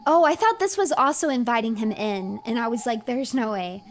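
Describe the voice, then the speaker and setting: A woman streaming a horror game, reacting in an animated, exasperated way and reading its dialogue aloud. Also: on the high side, a little fast, a little hiss or hum. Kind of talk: live game commentary.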